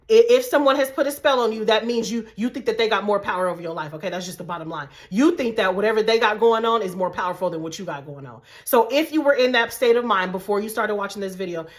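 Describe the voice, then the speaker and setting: Emphatic woman life coach, rather high voice. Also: fairly bright tone. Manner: emphatic, preachy, repeats for emphasis; casual slangy speech. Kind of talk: motivational vlog talk.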